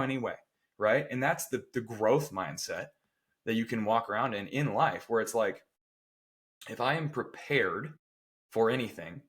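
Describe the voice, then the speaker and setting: A man's voice: medium pitch, a bit bright. A man who works as a strength coach, talking casually on a podcast, emphatic and often checking in with "right?". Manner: acts out people's quotes with playful voices.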